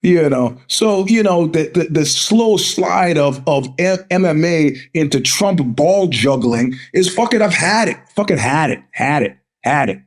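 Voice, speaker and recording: A man's voice: on the high side, animated, a little slow, few pauses. A man hosting a live podcast, delivering a profane, combative rant with frequent laughs and stammered restarts. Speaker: podcast host. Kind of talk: live-streamed casual monologue.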